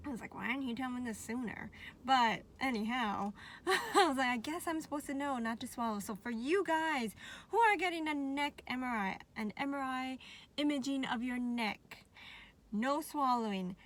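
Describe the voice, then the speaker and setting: A woman vlogging casually to her viewers, chatty and animated, laughing often and a little out of breath. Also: sits high, normal speed. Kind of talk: casual talk to camera.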